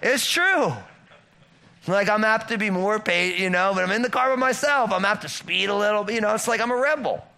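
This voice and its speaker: A middle-aged man delivers a sermon in a casual, talky way. His voice sits high for a man and rings bright and forceful. He keeps checking in with "right?" and hammers his points home through repetition. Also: fairly quick, creaky. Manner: conversational preaching, rhetorical questions, emphatic repetition. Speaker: pastor.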